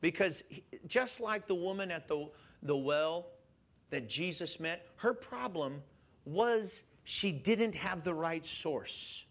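A man preaching a sermon in an animated way, questioning his listeners and chuckling as he goes. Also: on the high side, slow pace. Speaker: pastor.

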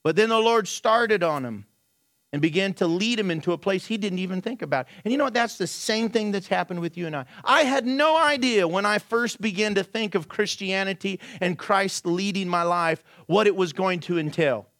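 A male pastor with a notably high voice preaches with energy, swinging from raised exclamations to soft, low asides. He asks his listeners rhetorical questions. The sound is close and dry, with no room echo. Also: moderate pace. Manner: animated storytelling with sudden drops to a low, quiet aside. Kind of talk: sermon.

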